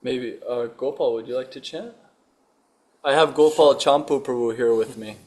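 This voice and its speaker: A man joining a class online, speaking softly and hesitantly before he leads a chant. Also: medium pitch, normal speed. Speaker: participant leading chanting.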